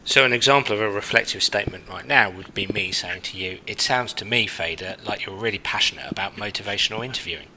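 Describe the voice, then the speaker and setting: A man hosting a podcast, calmly summarizing his guest's points. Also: on the low side, fast, hardly any pauses, background noise. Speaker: podcast host. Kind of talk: interview questions.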